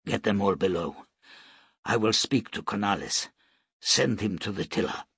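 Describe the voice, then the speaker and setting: A man voicing a calm, decisive royal leader in an audiobook reading, terse and commanding. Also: fairly low pitch, moderate pace, creaky, husky, no echo, studio quality, exaggerated voice.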